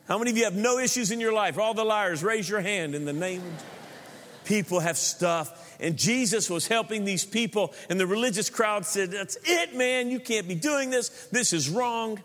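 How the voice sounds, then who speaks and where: A man with a high voice preaches a sermon, ringing out through a long-reverb church hall. He drives points home with emphatic repetition and breaks into joking asides. His delivery stays animated and punchy. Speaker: pastor.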